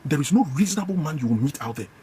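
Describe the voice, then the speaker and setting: Fast, fiery Ghanaian preacher man. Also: on the high side, expressive, dark tone, a little hiss or hum. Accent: Ghanaian English. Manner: emphatic, repeats phrases, scolds listeners directly. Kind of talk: fiery sermon.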